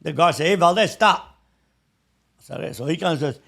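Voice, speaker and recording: A man's voice: fairly high pitch, lively intonation, fast talker, gravelly, long pauses, a bit bright. A man in his sixties with a Cuban-American accent, telling stories from his life in a casual interview and acting out the other people in them. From Cuba. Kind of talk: casual storytelling.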